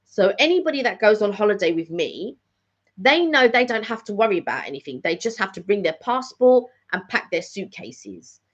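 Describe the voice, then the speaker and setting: A sing-song, mid-range voice at a moderate pace belongs to a middle-aged woman running a live catch-up vlog. Her casual chat rambles and loops back on repeated phrases, heard through a dull lo-fi recording.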